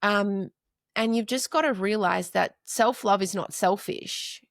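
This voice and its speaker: A woman in her forties speaks as a podcast guest in a relaxed interview, with a gravelly edge of vocal fry running under a mid-pitched voice. She talks earnestly and builds long lists of short phrases. The sound is close and dry. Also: measured pace, no room sound. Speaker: podcast guest, mother and counselor. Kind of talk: casual interview chat.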